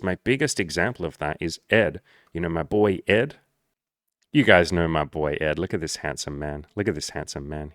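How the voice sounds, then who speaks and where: A young adult man giving dating and social coaching in a casual monologue, blunt and animated, swearing often. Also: low voice, no room sound, studio quality.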